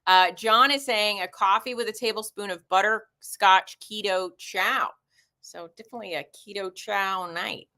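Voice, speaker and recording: A woman's voice: mid-range voice, fairly even intonation, moderate pace, bright, forceful tone. A woman in her forties hosting a casual livestream, chatting and reading viewer comments aloud. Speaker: livestream host.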